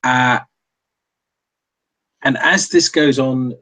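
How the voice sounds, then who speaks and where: A man's voice: mid-range voice, very slow, bright, forceful tone, low-quality recording. A man running a tabletop game as game master, hesitant and full of fillers, often laughing.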